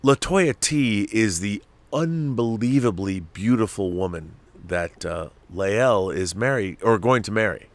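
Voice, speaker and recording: A middle-aged man hosting a podcast, telling stories in an animated, emotional way with many restarts. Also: on the low side, measured pace, few pauses. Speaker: podcast host. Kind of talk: casual chat.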